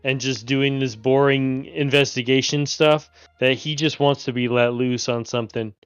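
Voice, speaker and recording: A man's voice: mid-range voice, steady tone, normal speed, smooth, no room sound, highs cut off. A man playing a tabletop role-playing game, casually explaining his character's choices and thinking aloud as he talks. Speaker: player.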